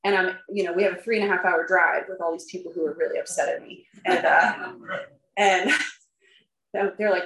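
A woman speaking at normal speed, her voice on the low side, steady and fairly bright, gives a candid recovery testimony to a group. Her talk is chatty and full of fillers, broken now and then by laughter at herself, with roomy echo throughout.

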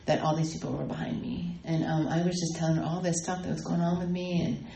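A woman shares her recovery story in a halting way, stopping often for ums and fresh starts. Her voice sits low and warm, and it rings in an echoey room over faint background ambience. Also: fairly even intonation, vocal fry, a little hiss or hum. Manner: halting, many ums and restarts. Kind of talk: personal testimony talk.

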